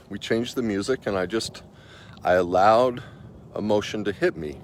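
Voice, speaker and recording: Deep-voiced man in his fifties, earnest. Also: normal speed, a little hiss or hum. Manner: earnest, emotional, heartfelt storytelling; loose and conversational, with many likes and restarts. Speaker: emotional mastery coach. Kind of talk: personal motivational talk.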